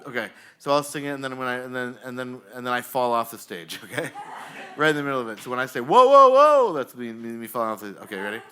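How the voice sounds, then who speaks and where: A man hosting a live comedy show on a bar stage, directing the audience in a rambling, halting, jokey way with lots of fillers. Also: medium pitch, bright, forceful tone.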